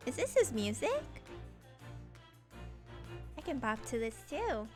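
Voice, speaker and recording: A playful woman streaming a game, chatting with her viewers and giggling as she reads. Her voice is high and lively, and she talks at an easy, unhurried pace. Game music plays clearly underneath. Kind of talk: casual live-stream chat and reading game lines.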